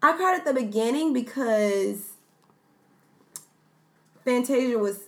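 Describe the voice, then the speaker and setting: A woman's voice: on the high side, expressive, slow, fairly bright tone. A young woman co-hosting a podcast, chatting casually and telling stories with easy laughter. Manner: chatty, storytelling, laughs easily. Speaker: podcast co-host. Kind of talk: casual chat.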